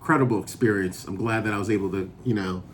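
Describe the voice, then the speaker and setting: A man telling his personal testimony in a relaxed, chatty way, often laughing as he goes. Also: on the low side, fast talker, a little hiss or hum. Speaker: vlogger sharing a sobriety testimony. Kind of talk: casual personal storytelling.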